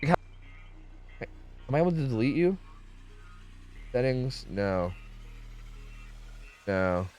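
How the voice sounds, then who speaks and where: A young man streams a game over soft background music, rambling to his chat, cursing freely, and questioning himself in casual conversation. His mid-range voice is a little mellow and very animated, yet he speaks very slowly and pauses often.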